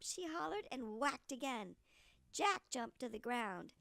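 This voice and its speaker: An older woman reading a children's story aloud, slow and animated, with a gravelly voice. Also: fairly high pitch, no echo.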